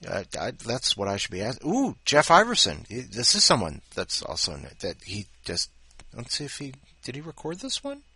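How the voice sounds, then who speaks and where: Rambling, bright-voiced male podcast host. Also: medium pitch, huge pitch swings, normal speed, slightly rough, no room sound. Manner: scattered, self-mocking, jokey asides. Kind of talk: casual rambling monologue.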